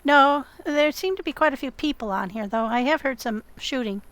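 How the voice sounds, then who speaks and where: With a high, fairly bright voice at normal speed and no echo, a woman hosts a survival game video. She chats with another player and talks to her viewers in a friendly, filler-laden way.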